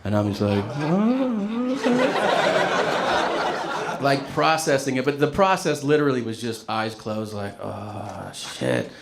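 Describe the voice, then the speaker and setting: A man doing stand-up, telling a story in a lively, profane way and laughing as he goes. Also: mid-range voice, a little fast, few pauses, noisy background. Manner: animated, profane, laughing through his story. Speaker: stand-up comedian.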